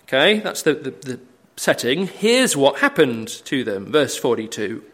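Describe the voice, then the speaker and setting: A man's voice: mid-range voice, sing-song, measured pace, fairly bright tone. A man preaching a sermon, explaining a Bible passage as a story, with frequent hesitant fillers.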